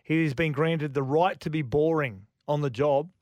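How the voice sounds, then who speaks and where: Male co-host, slightly high voice, dry studio mic, brisk news read. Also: a little mellow, no echo. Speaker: radio co-host reading news items. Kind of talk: casual radio news chat.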